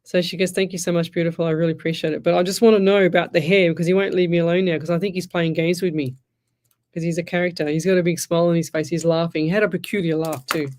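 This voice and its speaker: A woman's voice: on the low side, little pitch movement, fast, a little mellow. An Australian woman hosting a live radio show as a psychic medium, chatting in a rambling way and laughing often as she tells stories. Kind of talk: live radio reading, casual chat.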